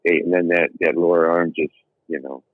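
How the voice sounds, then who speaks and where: Older male tennis coach, low voice, rambling, tinny dry phone line. podcast guest. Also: fairly even intonation, brisk, no echo. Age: 70s. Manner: rambling storyteller, tells jokes with voices. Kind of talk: casual podcast chat.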